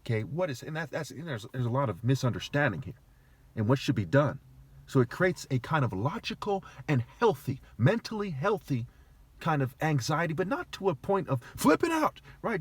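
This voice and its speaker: Speaking at a moderate pace, this vlogger has a husky, slightly high voice and is very animated, with a dry recording. He delivers an agitated, argumentative rant directly to camera, cursing heavily and sounding wronged.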